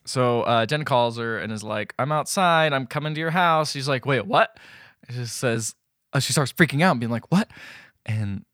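A man's voice: mid-range voice, normal speed, a bit bright, no room sound, studio quality. Casual young man recapping a movie. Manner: retells scenes, acting out lines with fillers. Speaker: podcast co-host.

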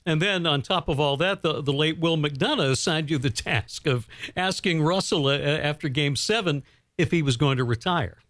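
A man's voice: a little high, moderate pace, fairly bright tone, no echo. A male radio host prompting his guest with questions and laughing along. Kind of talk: interviewing.

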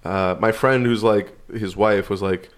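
A man's voice: fairly low pitch, steady tone, unhurried. Rambling laid-back man telling a story. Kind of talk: casual storytelling chat.

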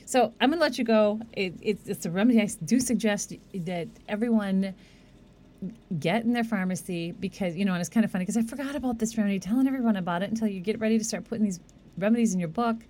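A woman's voice: mid-range voice, fast talker, a little mellow. A middle-aged woman hosting a radio show, talking in a chatty, rambling way and laughing often. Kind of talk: casual monologue.

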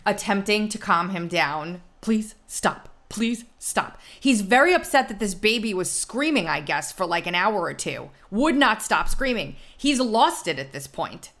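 A woman's voice: sing-song, moderate pace, few pauses, fairly bright tone. A woman hosting a talk show, setting up clips with chatty, wry commentary. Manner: chatty, wry, drops to low asides. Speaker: show host. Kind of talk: casual commentary.

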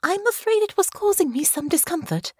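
A woman's voice: very high-pitched, lively intonation, fairly quick, darkish tone, no echo, clean studio sound, pitched above the performer's own voice. A woman narrator voicing a polite, composed young noblewoman in a soothing tone in an audiobook.

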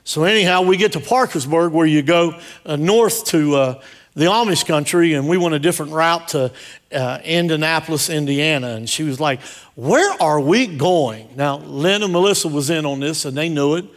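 A fairly high-voiced male pastor preaching at a church service. He is jokey and direct and keeps firing questions at his congregation. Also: brisk. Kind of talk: sermon.

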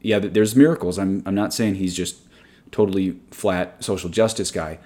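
Lowish guy preaching, earnest and opinionated, wanders off on tangents. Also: normal speed, darkish tone. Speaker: Catholic preacher. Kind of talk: sermon-style guided meditation.

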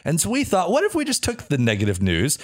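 Male podcast host, animated pitch, playful, quick to laugh, studio chat. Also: slight background noise. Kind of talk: casual chat.

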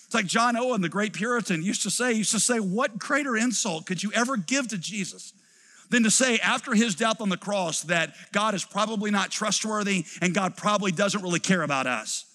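A middle-aged pastor with a drawl preaches with animated energy. He slips into quoted voices and then drops low for emphasis. His voice is high and bright, and it carries through a long, echoing hall. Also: fairly quick. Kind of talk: sermon. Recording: preached in a large reverberant hall.

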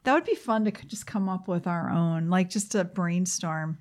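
A woman co-hosting a podcast in casual chat, upbeat and quick to laugh and react. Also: fairly low pitch, background noise. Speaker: podcast co-host.

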